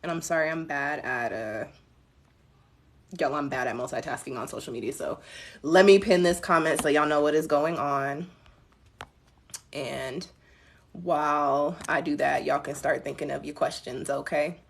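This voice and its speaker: A woman tarot reader chatting casually with viewers on a home live stream, relaxed and self-mocking. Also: sits low, moderate pace, creaky, pauses often, slight background noise. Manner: relaxed, chatty, laughs at herself, addresses viewers as y'all.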